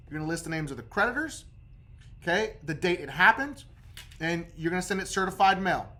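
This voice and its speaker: A man's voice: high-pitched, animated, a little fast, sharp tone. A man hosting a casual how-to talk on credit repair, who checks in with "okay?" after nearly every point.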